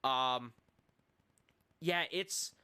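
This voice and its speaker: A man co-hosting a casual podcast, recapping a movie in an excitable, rambling way. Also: medium pitch, drawn-out words, smooth. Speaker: podcast co-host. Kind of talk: casual chat.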